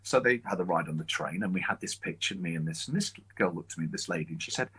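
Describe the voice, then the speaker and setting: A man chatting as a guest, telling emotional stories in an animated, lively way. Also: low-pitched, quick pace, slightly rough, poor audio. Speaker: guest, children's TV presenter and magician. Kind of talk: casual chat, storytelling.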